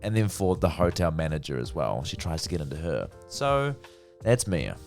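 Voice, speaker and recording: A man's voice: sits low, moderate pace, soft background music. A man giving a casual, profane, chatty review of a TV series. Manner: chatty, profane, lively retelling. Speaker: TV review vlogger.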